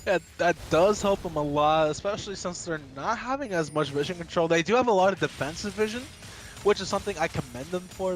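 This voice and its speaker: A man doing play-by-play commentary on an esports match, speeding up when fights break out. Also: high-pitched. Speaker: esports caster.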